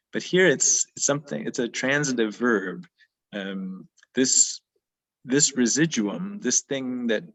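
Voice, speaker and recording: Man, lecturer on poetry and bird song, thoughtful, hesitant, slightly low voice. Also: poor audio. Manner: thoughtful, hesitant, many ums. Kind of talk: discussing poetry.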